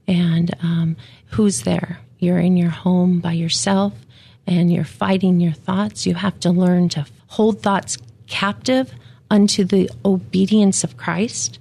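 A woman speaks about her faith in a slow, unhurried devotional talk. Her voice is mellow and dark, with a gravelly edge. She sounds reflective and plain-spoken, pausing on fillers as she goes. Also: on the low side, fairly even intonation. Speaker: widow sharing her faith.

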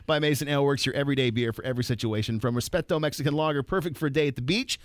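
A man's voice: medium pitch, rapid-fire, no echo. A man hosting a radio show in the studio, bantering and joking with guests and laughing often. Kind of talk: casual on-air banter. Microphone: studio microphone.

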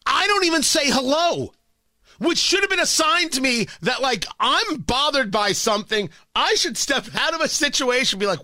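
A middle-aged man from the New York and New Jersey area, a radio host telling a self-mocking story in an animated way. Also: very high-pitched, moderate pace, no echo, studio quality. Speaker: radio talk show host. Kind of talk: radio monologue.

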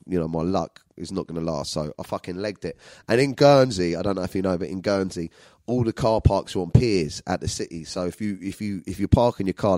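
A man's voice: deep voice, darkish tone, no room sound. A man with a London accent telling rambling, profane stories to his viewers in a casual way. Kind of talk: casual storytelling monologue.

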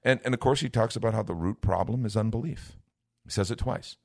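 A man's voice: fairly low pitch, a little fast, vocal fry, darkish tone, no room sound, clean studio sound. A middle-aged man, a minister, teaching from the Bible in an earnest, conversational way. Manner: earnest, lifts his voice to act out everyday speech.

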